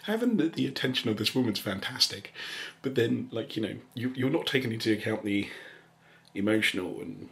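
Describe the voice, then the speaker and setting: A man telling a rambling story in a soft, casual way, laughing often and slipping into whispers. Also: fairly low pitch, animated, brisk. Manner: rambling and chuckling, drops into whispers. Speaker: ASMR channel host.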